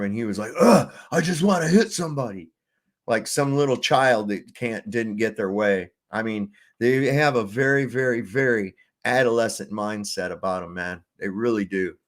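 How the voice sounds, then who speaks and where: A middle-aged man giving crude, preachy, profane commentary as a show host. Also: mid-range voice.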